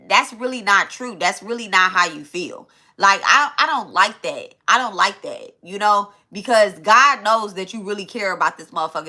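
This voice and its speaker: A woman's voice: mid-range voice, bright, forceful tone. A woman giving a loose, casual spiritual reading to her viewers, swearing freely and restarting her sentences as she thinks aloud. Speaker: tarot reader.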